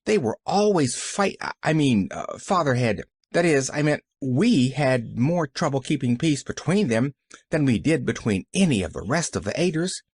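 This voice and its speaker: A man's voice: medium pitch, sing-song, normal speed, a little mellow, breathy edge, no room sound. A man voicing an eager, cheerful little girl who rambles breathlessly.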